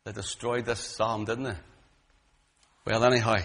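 Though his delivery is flat and his pace moderate with long pauses, this male preacher's sermon is fervent. He moves from hushed low lines to raised, loud bursts, often repeating words as he heats up.

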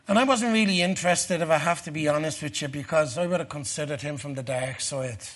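A middle-aged man giving a testimony sermon, moving from quiet storytelling to loud, fervent preaching. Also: on the high side, fairly quick.

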